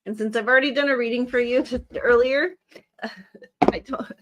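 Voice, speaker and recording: A woman's voice: a little high, fairly even intonation, moderate pace, background noise. A woman hosting a live stream in casual chat, her accent mixing Californian with a Southern twang, rambling and laughing as she talks. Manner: chatty, rambling, laughing asides.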